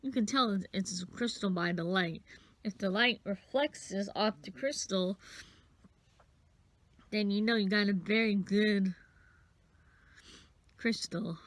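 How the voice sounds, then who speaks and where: A woman's voice: mid-range voice, slow pace, long pauses. A sniffly woman casually rambling through a bead-bracelet craft tutorial, counting beads aloud as she works. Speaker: craft vlogger.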